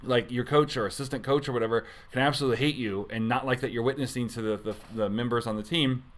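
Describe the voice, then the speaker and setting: A man's voice: medium pitch, steady tone, quick pace. A man giving a casual devotional talk as a youth pastor, rambling and conversational, often correcting himself mid-sentence.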